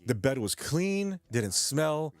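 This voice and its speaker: A man's voice: a little high, big pitch swings, takes it slowly, faint music behind. A young man from New York ranting in a vlog, profane and agitated, repeating himself as he talks. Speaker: vlogger.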